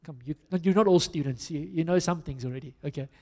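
The speaker is a man with a fairly high, dark-toned voice and a quick pace, preaching with a South African accent. He tells stories conversationally and makes self-deprecating asides, recorded in an echoing hall.

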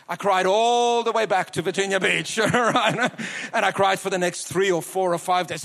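Preacher, male, high voice, earnest storyteller, slows for emphasis; live hall reverb. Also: a bit bright. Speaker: guest preacher. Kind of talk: sermon with personal story. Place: large church hall.

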